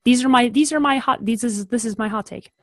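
A woman co-hosting a podcast in casual chat, emphatic and animated, making blunt declarations. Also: on the high side, a little fast, no echo, studio quality, soft background music. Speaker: podcast co-host.

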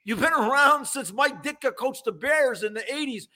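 A man co-hosting a casual sports talk show, ranting in an animated way and mocking what others said. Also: extremely high pitch, normal speed. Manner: animated, ranting, mocks quotes.

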